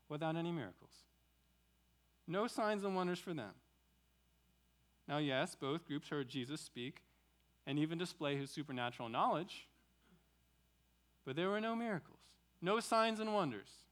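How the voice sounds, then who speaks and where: A male pastor delivers an expository sermon in a fairly high voice that rises and falls in a lively way. He poses rhetorical questions and repeats key phrases for emphasis. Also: moderate pace, pauses often.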